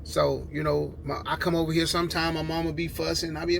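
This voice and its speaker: Gravelly man chatting outdoors. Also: on the high side, level tone, brisk. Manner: laid-back, rambling, says "man" a lot. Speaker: car vlogger. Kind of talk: casual vlog talk. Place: outdoors at a garage with dogs. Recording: noisy outdoor recording, dogs barking. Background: barking dogs.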